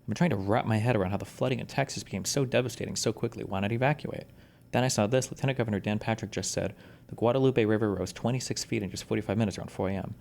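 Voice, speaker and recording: A man's voice: rapid-fire, creaky, a little hiss or hum. Sarcastic male streamer. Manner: sarcastic, swearing, jumps to loud high mocking outbursts. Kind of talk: casual commentary reacting to clips.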